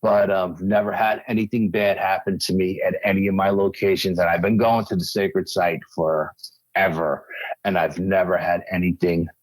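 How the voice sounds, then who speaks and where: A middle-aged man with a very deep voice tells his stories in a loose, animated way, stumbling over restarts and fillers. His voice is recorded dry and close, with almost no room sound. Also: normal speed, dry recording, low-quality recording. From New York State. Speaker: interview guest, researcher. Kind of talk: casual storytelling interview.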